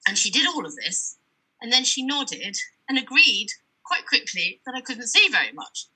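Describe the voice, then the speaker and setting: A woman's voice: a little high, very animated, moderate pace, bright, forceful tone, breathy edge, rough recording. A woman giving a chatty, digressive conference talk as an author, reading from her book between asides.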